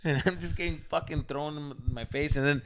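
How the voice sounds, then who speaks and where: A man, co-hosting a podcast and telling a story in casual, animated chat, swearing and mimicking others. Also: a little high, a little fast. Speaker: podcast co-host.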